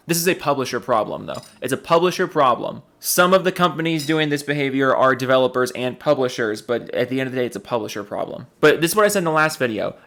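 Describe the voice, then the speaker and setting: A man's voice: mid-range voice, a bit bright. A young adult man giving sarcastic reaction commentary on a video clip, rambling and swearing as he picks the speaker's points apart.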